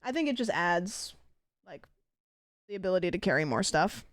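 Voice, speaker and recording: Lively, chatty woman streamer. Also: lowish voice, moderate pace, dry recording, clean studio sound. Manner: chatty and animated, swears freely. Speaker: livestreamer. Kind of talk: casual chat while gaming.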